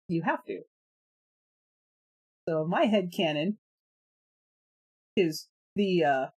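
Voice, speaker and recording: A woman's voice: fairly low pitch, a little mellow, husky. A woman streamer chatting casually on a live stream, rambling with lots of fillers and laughing often.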